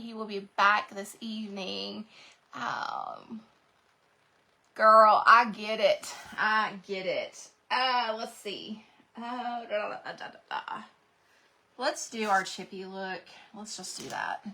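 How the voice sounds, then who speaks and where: A woman hosting a live craft stream, chatting casually to her viewers and thinking out loud as she paints. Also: mid-range voice. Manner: rambling, talks to viewers directly. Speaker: craft livestream host.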